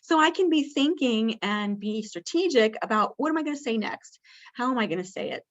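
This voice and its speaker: A woman with a voice on the high side, expressive and brisk, comes through a muffled recording. In this interactive training session about communicating with people living with dementia, her warm, conversational teaching is dotted with fillers. She performs what a caregiver might say in a bright, lifted voice.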